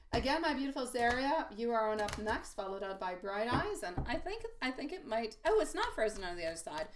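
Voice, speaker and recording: A woman's voice: medium pitch, recorded from a distance, background noise. Chatty woman reading tarot, a bit off-mic. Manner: affectionate, chatty, calls viewers sweetie. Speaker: tarot reader. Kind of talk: live-stream tarot reading. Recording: voice a little off-mic.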